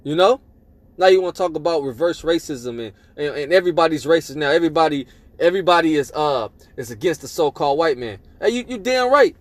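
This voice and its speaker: Fairly high-pitched and animated, a man talks fast through a sermon recorded without echo. He reads scripture aloud and stresses every point, tagging his lines with "man" and "all right?".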